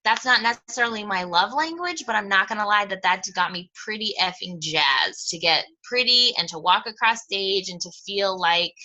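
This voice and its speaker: A woman's voice: medium pitch, normal speed, hardly any pauses, pushed and bright, muffled recording. A young adult woman coach talking casually to her team, enthusiastic and rambling, with lots of fillers and repeated words.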